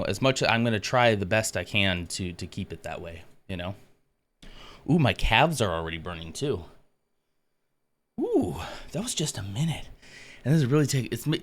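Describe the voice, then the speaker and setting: A man's voice: on the low side, fairly bright tone. A man hosting a casual live stream, chatting with viewers and out of breath from exercise. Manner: chatty, self-mocking, greets viewers by name. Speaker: livestream host.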